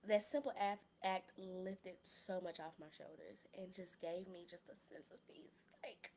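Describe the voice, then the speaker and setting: A woman in her late thirties hosting a solo podcast, talking candidly in a chatty, slangy way that drops to soft murmurs and jumps to loud, excited bursts. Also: mid-range voice, a little slow. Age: 30s. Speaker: podcast host. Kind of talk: casual solo podcast monologue.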